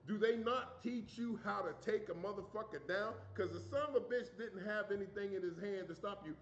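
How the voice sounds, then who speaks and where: A man's voice: high-pitched, brisk, a little hiss or hum. A man hosting a livestream, delivering an angry, profane, emphatic rant. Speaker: livestream host. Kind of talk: heated opinion rant. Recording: roomy, dull sound.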